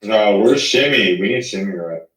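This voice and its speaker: Apresentador animado e provocador, frases recomeçadas, voz grave, longe do microfone e com eco. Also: male voice, on the low side, moderate pace, roomy sound, distant mic, poor audio. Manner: excitable, teasing, stop-start. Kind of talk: casual live chat.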